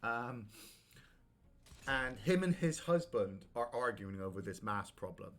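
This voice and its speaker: Male gaming streamer, casual rambling chat, bursts of loud excitement, mid-range voice. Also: medium pitch, a little slow. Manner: rambling, animated, prone to sudden shouts at the game. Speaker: streamer playing a video game.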